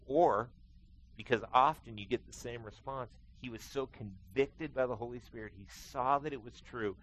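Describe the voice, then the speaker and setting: A middle-aged pastor delivering a sermon with animated storytelling, voicing each quote as he goes. His voice sits at an ordinary middle pitch and leaps up and drops low for emphasis. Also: rough recording. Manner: animated storytelling preacher, acting out quotes with big pitch swings.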